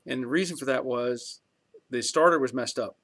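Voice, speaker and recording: A man's voice: medium pitch, moderate pace, fairly bright tone. A middle-aged man hosting a garage channel, chatting casually on a live stream and reading viewer comments in a talkative, rambling way with chuckles.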